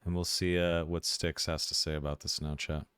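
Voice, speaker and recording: A man with a very deep voice talks casually about his dice roll at a game table. The recording is dry and close. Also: little pitch movement, moderate pace, a bit bright, clean tone, no echo. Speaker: player.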